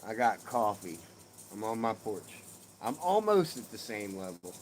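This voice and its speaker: A man's voice: fairly low pitch, big pitch swings, measured pace, a little hiss or hum, rough recording. Profane, joking middle-aged man. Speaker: live-stream host. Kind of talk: casual chat with viewers. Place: outdoors on a home porch.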